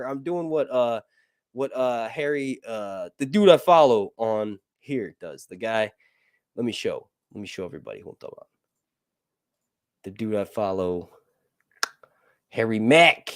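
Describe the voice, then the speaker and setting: A man's voice: a little high, lively intonation, moderate pace, no echo, clean studio sound. A man casually reviewing a TV show on a live stream, rambling and cracking crude jokes.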